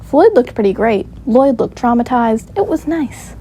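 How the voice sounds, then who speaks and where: A woman's voice: on the high side, animated, measured pace, dark tone, slight background noise, poor audio. A woman reading her own story aloud in a casual, offhand way, laughing and commenting on it as she goes. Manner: offhand, giggly, self-commenting.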